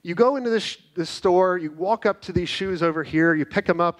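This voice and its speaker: A middle-aged man giving an energetic, animated conference talk, telling stories and checking in with the crowd with "right?". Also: on the high side, quick pace, a little hiss or hum. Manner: energetic, animated storytelling with frequent "right?" tags. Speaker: conference speaker. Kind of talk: keynote talk to a live audience. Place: conference hall.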